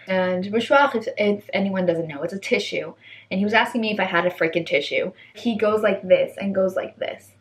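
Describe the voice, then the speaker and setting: A young woman vlogging, telling funny stories in a chatty, animated way and acting out the people in them. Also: medium pitch, brisk. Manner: chatty, animated, acts out voices in quotes. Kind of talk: casual storytelling.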